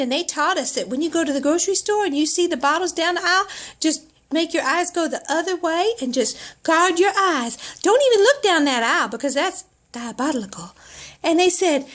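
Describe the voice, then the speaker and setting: A woman's voice: very high-pitched, fairly bright tone. A middle-aged woman, telling a comic personal story in a folksy, dramatic way.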